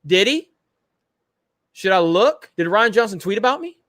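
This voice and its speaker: A man's voice: high-pitched, very animated, moderate pace, a bit bright, no room sound. A man hosting a casual livestream chat, blunt and confrontational, with frequent swearing. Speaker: show host.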